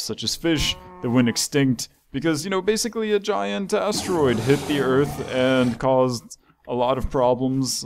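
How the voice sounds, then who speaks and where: A man hosting a casual let's-play, talking in an exasperated, scolding way while rambling about his game. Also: mid-range voice. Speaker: gaming channel host.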